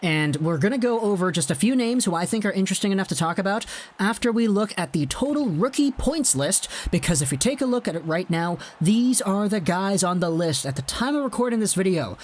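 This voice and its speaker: A young man hosting a hockey video, talking in a chatty, rambling, lively way. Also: high-pitched, fairly quick. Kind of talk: casual commentary to camera.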